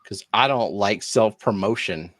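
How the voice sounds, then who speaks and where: Low-voiced guy hosting his stream, dry mic, loose and swears some. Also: measured pace, a bit bright, dry recording. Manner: offhand, loose and profane. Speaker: livestream host. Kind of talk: casual livestream chat.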